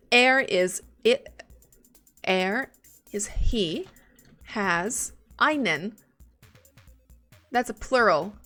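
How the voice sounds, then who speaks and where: A woman's voice: medium pitch, bright, forceful tone. A woman streaming live as she studies German, chatting casually and thinking aloud, swearing now and then when she gets stuck.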